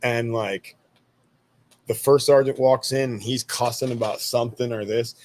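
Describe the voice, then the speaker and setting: A man's voice: mid-range voice, fairly even intonation, moderate pace, a little mellow. A laid-back man in his thirties with an ordinary mid-range voice, telling war stories in a loose, casual flow. He swears freely and often laughs at his own punchlines. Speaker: guest, army veteran. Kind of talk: casual storytelling interview.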